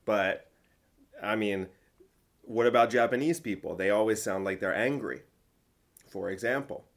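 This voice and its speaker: A man's voice: fairly low pitch, measured pace, gravelly. A man hosts a casual podcast with friends. He jokes a lot and argues back on purpose to stir things up, in a loose conversational tone. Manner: joking, playfully contrarian. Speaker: podcast host. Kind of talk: casual chat.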